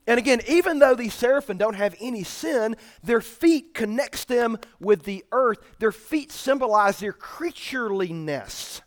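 High-voiced male preacher. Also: expressive, measured pace, hardly any pauses. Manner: emphatic, explanatory preaching. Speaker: pastor. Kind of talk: sermon.

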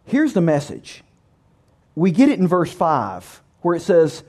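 A man's voice: high voice, sing-song, moderate pace, darkish tone. A male pastor preaching a sermon in a conversational, humorous way, with vivid storytelling.

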